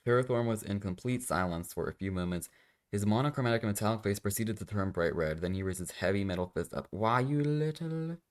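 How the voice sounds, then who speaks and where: A man with a low voice reads a fan story aloud in a comedic way. He keeps stopping to mock the writing with dry, sarcastic remarks, and his tone stays deadpan. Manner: sarcastic, deadpan asides between dramatic readings. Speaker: reaction video host. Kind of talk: comedic fanfic reading with commentary.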